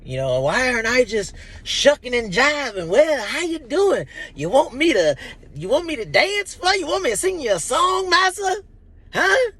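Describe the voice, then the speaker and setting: A man putting on a high sing-song servile voice. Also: very animated, moderate pace, a bit bright, slightly rough, full character voice. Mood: mocking. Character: grinning servile man, eager to please.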